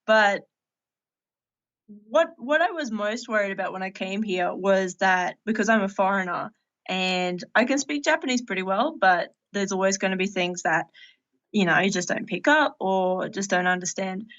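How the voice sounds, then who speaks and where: A woman from Australia, a podcast guest, telling stories in a lively, casual way. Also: mid-range voice, moderate pace, dull audio. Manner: lively storytelling with laughs. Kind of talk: casual interview chat.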